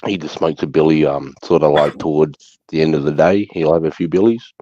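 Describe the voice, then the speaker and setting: A man's voice: very deep voice, steady tone, fairly quick, dark tone, slight background noise. A middle-aged Australian man telling stories in casual chat, blunt and sweary. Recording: dull lo-fi sound.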